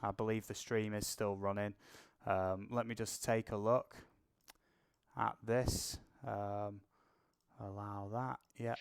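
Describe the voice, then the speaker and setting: British male streamer, chatty and laughing, smooth dry mic sound. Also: fairly low pitch, little pitch movement, slow, no room sound. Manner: chatty, laughs often, calls people mate. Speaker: drone news stream co-host. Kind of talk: casual livestream chat.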